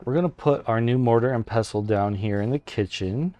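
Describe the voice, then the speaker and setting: A man talking through a survival game stream in a relaxed, mid-pitched voice, chatty and quick to laugh. His voice jumps up into high, excited yelps when something happens. Faint game music plays behind him. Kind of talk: casual gameplay commentary.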